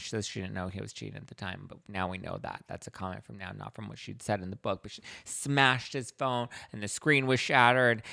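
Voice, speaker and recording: A man's voice: mid-range voice, gravelly, a bit bright, dry recording, studio quality. A man hosting a gossipy book recap, talking in a catty, sarcastic, chatty way. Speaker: host.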